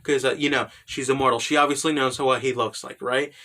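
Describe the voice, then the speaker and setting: A man's voice: mid-range voice, fairly even intonation, a little fast, bright, forceful tone. A man giving a rambling, profane, casual recap of an anime, filled with "you know" and "right?".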